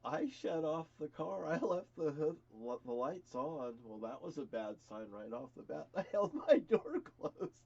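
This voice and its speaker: A man's voice: a little high, lively intonation, a little slow, creaky, hardly any pauses, a little mellow, lo-fi sound. An older man rambling through a personal story, cursing freely and chuckling now and then.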